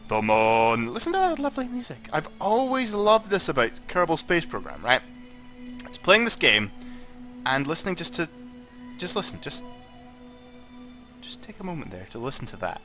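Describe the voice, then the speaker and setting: A Scottish man, drunk, giving rambling, excitable let's play commentary as a gaming channel host and swearing a lot. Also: on the high side, moderate pace, pauses often, faint music behind.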